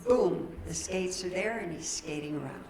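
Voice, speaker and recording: A woman's voice: fairly low pitch, normal speed, a little mellow. Woman, minister, folksy sermon, roomy church, background noise. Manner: chatty, folksy, laughing at her own slips. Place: church sanctuary.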